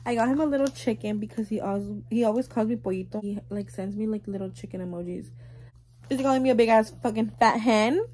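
A woman's voice: mid-range voice, warm tone. A young woman chatting casually to her camera in a vlog, full of "like" and "um". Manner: chatty, fillers like "like" and "um". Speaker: vlogger. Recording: noisy background.

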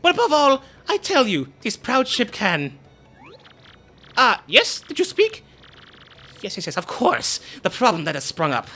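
Brief: man doing a vain, grandiose rich captain, lively swooping higher voice, bright tone, faint game music behind. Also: measured pace, long pauses, husky, heavily acted. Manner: grandiose, theatrical, self-admiring. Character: pompous boastful rich male sailor-merchant. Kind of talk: reading game dialogue aloud.

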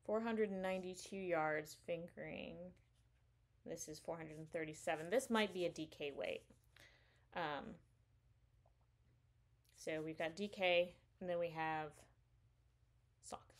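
A woman with a somewhat low voice chats casually as the host of a knitting podcast. She rambles enthusiastically, with plenty of fillers and little self-corrections, showing her purchases one by one. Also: unhurried, long pauses. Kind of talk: casual show-and-tell chat.

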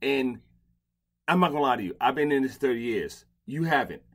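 A middle-aged man hosting a podcast from a blanket-padded closet, talking bluntly with lots of cursing and loud, animated outbursts. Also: mid-range voice, brisk, husky. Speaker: podcast host. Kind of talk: casual interview chat.

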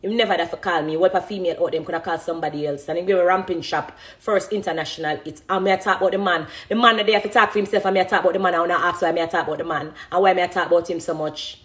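A woman's voice: fairly low pitch, fairly even intonation, racing, hardly any pauses, fairly bright tone. A woman in her thirties with a Jamaican accent speaking passionately and emphatically about her career, full of thanks. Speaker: dancehall artist. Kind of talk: emotional spontaneous speech.

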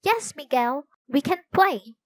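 Brief: spirited storybook girl, put on by a woman, high and firm, dry close sound. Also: sing-song, slow, no room sound, full character voice. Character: bold, determined young girl.

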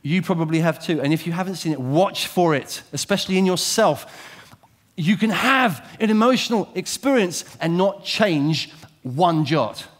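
A high-pitched male voice at normal speed delivers a sermon with animation and directness. He questions his listeners and moves between loud emphasis and quiet intensity.

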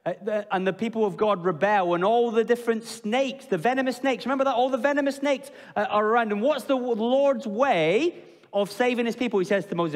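Man, preacher, sermon, high voice, expressive, asks questions, long church reverb. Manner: expressive, questions the congregation, drops low and slow for emphasis. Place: church hall.

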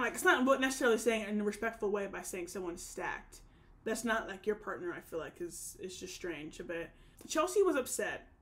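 Young woman vlogger, casual rambling recap, lots of "like", average pitch. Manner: chatty, lots of "like" and "um", frequent restarts. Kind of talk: casual reality TV recap chat.

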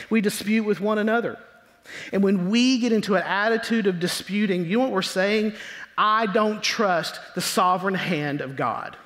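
A man preaching from the pulpit, his voice sitting high for a man as it rings through a church with a long, lingering reverb. He stretches out the words he wants to land, then drops low and grumbling when he imitates complainers. The sermon feels like steady, emphatic teaching. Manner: emphatic preaching with slow drawn-out stresses. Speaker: pastor. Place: church sanctuary.

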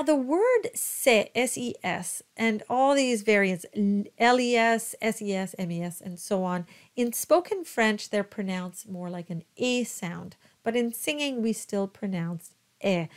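A woman talks slowly and patiently as a diction coach for choirs. She spells out letters and models each word with care, repeating it several times. Her voice sits at a middle pitch. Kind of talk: slow, careful pronunciation coaching.

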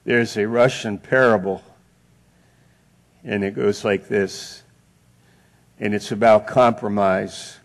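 A male pastor preaching a sermon in a church, slow and deliberate, building on repeated phrases. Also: fairly low pitch, fairly even intonation, vocal fry. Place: church sanctuary.

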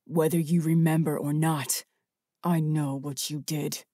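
A woman's voice: fairly low pitch, fairly even intonation, fairly quick, dark tone, no echo, clean studio sound, lightly acted. A woman doing a bitter, cold young winged warrior man. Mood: cold, accusing. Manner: harsh, accusing, clipped.

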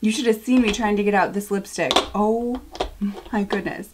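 A woman's voice: mid-range voice, normal speed, background noise. Chatty woman vlogger gushing over beauty products. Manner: chatty, gushing, lots of fillers and asides. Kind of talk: casual haul review to camera. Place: home.

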